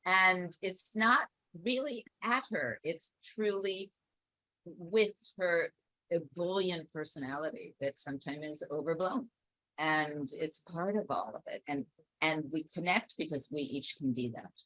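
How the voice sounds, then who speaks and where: Woman webinar host, low and bright, lively storyteller, dry sound. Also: measured pace, dry recording, poor audio. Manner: animated, laughing storyteller. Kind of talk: casual group discussion.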